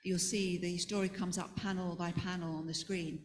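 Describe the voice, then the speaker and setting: A woman's voice: fairly low pitch, little pitch movement, normal speed. A woman with an English accent, introducing herself as a cartoonist on a discussion panel in a chatty, self-deprecating way. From England. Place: event hall. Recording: long hall reverb, faint noise.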